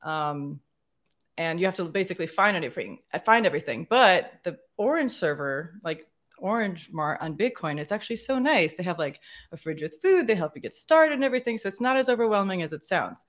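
A woman guest on a casual panel chat, telling stories in a chatty, animated way. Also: lowish voice, fairly quick.

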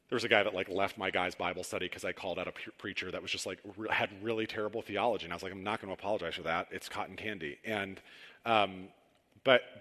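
A man's voice: mid-range voice, fairly bright tone, long reverb tail. A man in his thirties preaching a sermon in a conversational, emphatic way, with self-deprecating asides. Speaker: pastor.

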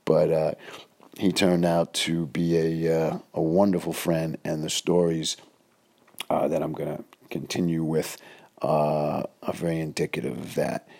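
A man's voice: rumbling low, flat delivery, a little slow, vocal fry, darkish tone. A man, telling a rambling podcast story full of fillers and restarts. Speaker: podcast host. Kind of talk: casual storytelling monologue.

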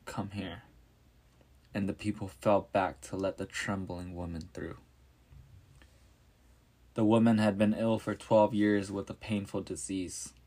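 A male storyteller reads a scripted story in a calm, measured way. His low voice moves slowly and stays level, with little rise or fall. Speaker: narrator.

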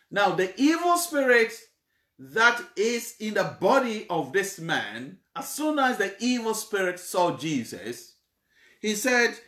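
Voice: medium pitch, sing-song, takes it slowly, fairly bright tone, roomy sound. A preacher explaining a Bible passage in a sermon, repeating points and checking in with the congregation.

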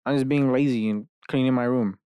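A man's voice: mid-range voice, fairly even intonation, fairly quick, dark tone, smooth, dry recording. Rambling, profane man ranting solo. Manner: meandering, profane, self-mocking. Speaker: podcast host. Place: his bedroom.

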